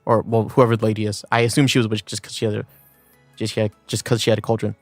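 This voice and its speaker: A man's voice: lowish voice, level tone, very fast, dry recording, faint music behind. Rambling male streamer telling a story. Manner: rambling storytelling with many fillers. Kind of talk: casual chat.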